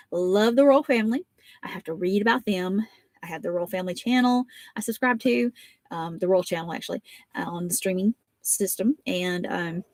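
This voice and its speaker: A woman's voice: mid-range voice, vocal fry, dry recording. A woman, chatting in a rambling, folksy way while crafting on a home livestream. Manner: rambling, folksy, animated storytelling. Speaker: papercraft vlogger.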